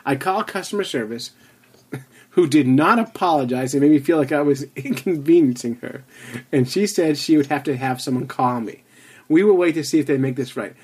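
A man's voice: on the high side, fairly quick, a little mellow, husky. A man hosting a podcast, chatting casually and reading a review aloud with teasing, dry asides. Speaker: podcast host.

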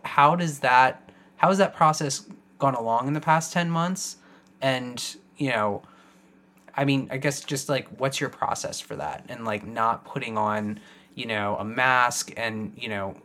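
A man's voice: medium pitch, sharp tone. A man with an everyday mid-range voice hosts a conversation and asks long follow-up questions. He hesitates often, circling with fillers before he gets to the point. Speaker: interviewer. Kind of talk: conversational interview.

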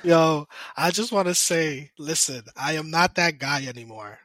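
A man, a podcast guest telling a story in a slangy, animated way and laughing often. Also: fairly high pitch, measured pace, no echo. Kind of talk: casual storytelling.

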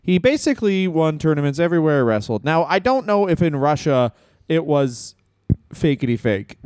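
A man's voice: on the high side, very animated, normal speed, a little mellow, clean tone, dry recording, clean studio sound. A man co-hosting a wrestling history podcast, talking in a rambling, joking way. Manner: rambling, joking, slips into silly accents. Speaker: podcast co-host. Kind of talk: casual comedic chat.

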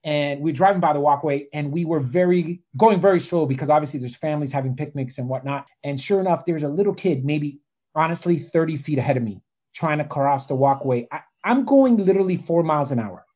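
A man telling stories in a casual podcast chat, animated and fond of saying "literally" and "right?". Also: on the high side, a little fast. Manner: animated storyteller, says "literally" and "right?" often. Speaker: podcast guest.

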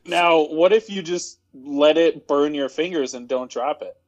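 A man co-hosting a casual podcast chat. He talks in a jokey, playful way and is quick to laugh. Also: fairly high pitch. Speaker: podcast co-host. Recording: slightly dull lo-fi sound.

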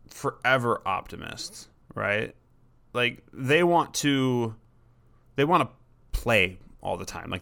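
A man's voice: medium pitch, gravelly, sharp tone. A man hosting a podcast, talking casually and rambling, often repeating words and voicing his dog in short asides. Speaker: podcast host.

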